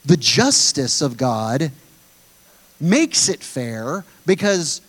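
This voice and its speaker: A man's voice: fairly high pitch, very animated, extremely slow, fairly bright tone. A man preaching a sermon to his congregation, talking straight to them and driving his points home by repeating them. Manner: preaching with emphatic repetition, addresses the congregation directly. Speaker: pastor.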